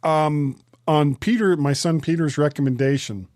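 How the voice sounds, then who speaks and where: A podcast host chats casually and laughs easily, his voice a little high and a little mellow at a normal speed. The recording is dry, with clean studio sound.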